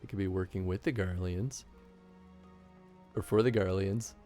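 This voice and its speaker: A man's voice: sits low, fairly even intonation, normal speed, warm tone, faint music behind. A tired, easygoing man streaming a game and chatting casually with viewers, a little self-deprecating after little sleep.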